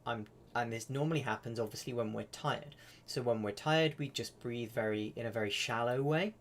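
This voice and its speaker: A man's voice: mid-range voice, normal speed, hardly any pauses. A man giving a casual live-streamed flute lesson, chatty and full of fillers. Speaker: flute teacher.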